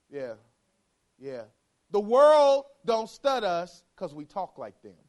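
A man with a notably high voice delivers a sermon from the pulpit. He drives his points home through rhythmic repetition and slips into playful mimicry of churchgoers' talk. His delivery moves between quiet asides and loud, punchy lines. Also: sing-song, extremely slow. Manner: emphatic, repeats phrases for effect. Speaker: preacher.

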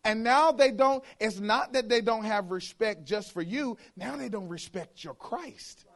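High-voiced man preaching with emphatic repetition. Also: unhurried, fairly bright tone. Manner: emphatic, repeats phrases for effect; playful, mimics churchgoers' talk. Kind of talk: sermon.

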